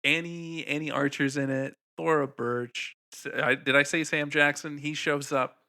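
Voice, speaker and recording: A man co-hosting a casual film podcast, excitable and profane, rambling through a plot with many restarts. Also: fairly high pitch, moderate pace. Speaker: podcast co-host. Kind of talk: casual film review chat.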